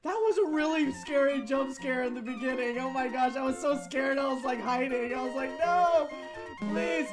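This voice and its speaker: A woman's voice: high voice, steady tone, a little fast, few pauses. A young woman playing a horror game for her channel, jumpy and giggly, squealing at the scares and chatting to her viewers in between. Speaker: gaming YouTuber. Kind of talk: horror game let's play commentary. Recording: game music playing behind.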